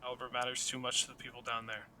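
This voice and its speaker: A man's voice: monotone, fast talker, bright, forceful tone, a little hiss or hum. A man voicing a weary, defiant man who refuses to give up a friend, speaking with a stubborn, bitter edge. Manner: stubborn, bitter, low-key.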